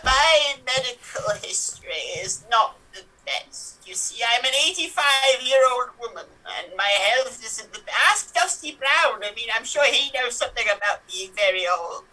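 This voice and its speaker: A woman's voice: a little high, expressive, normal speed, few pauses, sharp tone. A woman voicing a frail, rambling 85-year-old grandmother in live improv comedy, heard from a distance. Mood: cheeky. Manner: doddery, rambling, cheeky.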